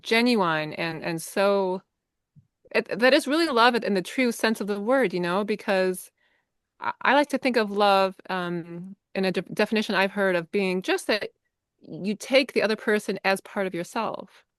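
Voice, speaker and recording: A woman guest on a podcast, speaking in a warm, affirming and reflective way with gentle hesitations. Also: medium pitch, moderate pace, smooth, no room sound, clean studio sound. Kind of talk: casual conversation.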